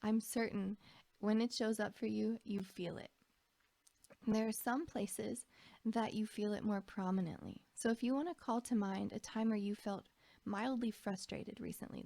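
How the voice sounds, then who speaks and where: A woman teaching about emotions in a gentle guided reflection, often dropping her voice to a soft whisper. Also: mid-range voice, creaky, no echo.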